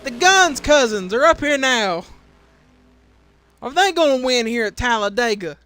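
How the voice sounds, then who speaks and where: A young man calling a sim race, voice worn from shouting, getting louder and quicker as the pack bunches up. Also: extremely high pitch, animated, smooth, no room sound. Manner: shouts and speeds up at crashes. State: voice giving out. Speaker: race commentator. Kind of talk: excited play-by-play commentary for a sim racing league.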